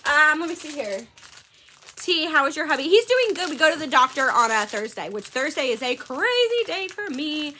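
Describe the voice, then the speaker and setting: A woman's voice: high-pitched, very animated, moderate pace, sharp tone, a little hiss or hum. A woman hosting a live shopping stream, chatty and laughing often as she calls out items and bin numbers. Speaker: live-sale host.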